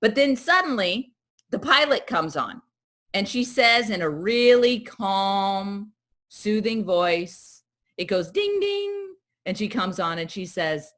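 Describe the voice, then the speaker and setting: A middle-aged woman presenting at a parent wellness event, telling stories and acting out the voices of the people in them. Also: measured pace. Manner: animated, acts out quoted voices with big jumps in pitch. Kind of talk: lively talk with acted-out scenes.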